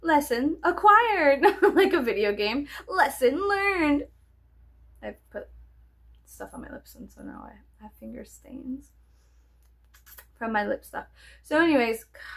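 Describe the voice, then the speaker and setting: Gravelly-voiced woman rambling playfully to camera. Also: a little high, unhurried, long pauses. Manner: playful, swears often, jumps between whispers and sudden squeals. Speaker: vlogger. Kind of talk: rambling casual chat to camera.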